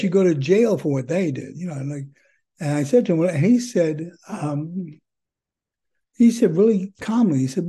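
A man's voice: fairly high pitch, animated, moderate pace, mellow, breathy edge. An older man telling his story at a recovery meeting, earnest and rambling, with many fillers and repeated words. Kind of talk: personal testimony.

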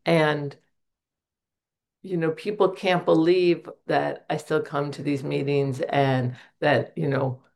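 A woman's voice: sits low, fairly even intonation, takes it slowly, gravelly, a little mellow. A middle-aged woman giving a candid, earnest personal testimony at a recovery meeting, telling stories on herself with self-deprecating humor. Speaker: member sharing at a recovery meeting.

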